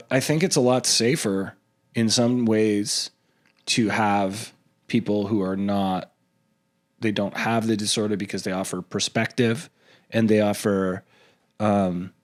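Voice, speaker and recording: A man's voice: lowish voice, fairly even intonation, a little slow, pauses often. A man guesting as a comedian on a chat show, talking in a rambling way with frequent restarts and self-deprecating asides.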